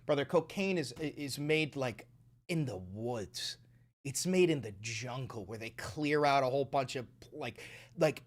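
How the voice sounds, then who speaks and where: A man's voice: medium pitch, unhurried. A man streaming and commenting on the news in a casual way, swearing a lot and ranting in exasperation.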